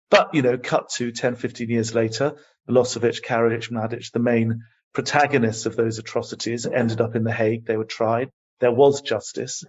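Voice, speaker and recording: An older man answering interview questions as a guest, telling his story in a passionate, emphatic and measured way. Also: medium pitch, fairly even intonation, breathy edge. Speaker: guest, human rights advocate. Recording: dull lo-fi audio.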